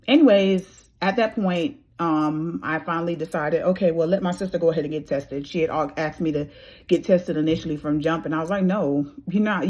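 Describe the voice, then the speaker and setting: A woman in her thirties telling her own story casually, acting out the voices of people she quotes. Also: sits low. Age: 30s. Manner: animated, acts out quoted dialogue.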